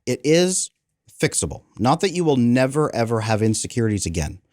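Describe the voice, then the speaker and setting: A man's voice: medium pitch, fairly quick, no echo, clean studio sound. A man in his thirties, a guest on an interview show, explaining emphatically and with energy. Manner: emphatic, energetic, acts out quoted dialogue. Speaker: guest, attachment coach. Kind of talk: animated explanatory interview talk.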